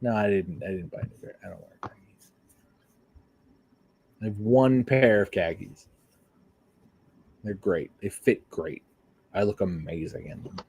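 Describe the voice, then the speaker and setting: A man co-hosting a casual wrestling podcast, talking in an excitable, rambling way and swearing freely. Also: on the low side, unhurried, long pauses, slight background noise. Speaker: podcast co-host.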